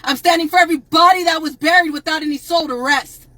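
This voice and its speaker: A woman on a livestream, angrily ranting to viewers, swearing and often shouting. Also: very high voice, quick pace, dry recording, low-quality recording. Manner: angry, profane, repeatedly shouting at viewers. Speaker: advocate on a livestream. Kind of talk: impassioned livestream rant.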